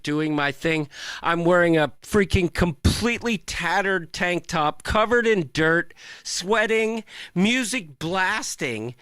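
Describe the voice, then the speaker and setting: A man's voice: sits high, sharp tone, smooth, no echo. A man co-hosting a live show, chatting casually and ranting with mock outrage. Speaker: co-host.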